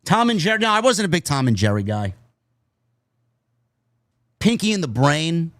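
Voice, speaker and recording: Lively profane man reviewing wrestling. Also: on the high side, moderate pace, no room sound, studio quality. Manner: profane, nostalgic, tangent-prone. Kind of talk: casual rambling review.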